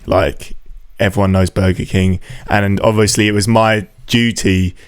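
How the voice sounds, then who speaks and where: A man co-hosting a podcast with a fairly low voice, cheeky and a bit stumbling as he talks between bites. The sound is close and dry, with no room around it. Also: little pitch movement, unhurried, smooth, no room sound. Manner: cheeky, hesitant restarts, eating while talking. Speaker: podcast co-host. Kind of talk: casual banter.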